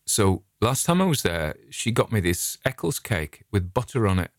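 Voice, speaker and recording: Deep-voiced English man rambling chattily. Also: big pitch swings, normal speed, no echo, clean studio sound. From England. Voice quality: chatty anecdotal storyteller, digressive. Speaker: vlogger. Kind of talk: casual rambling monologue.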